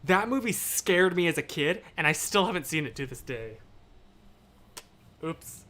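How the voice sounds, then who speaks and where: Animated rambling man on a livestream. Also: on the high side, unhurried, slight background noise. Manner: animated, rambling, shifts between loud and hushed. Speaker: livestream host. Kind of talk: casual chat reading viewer comments.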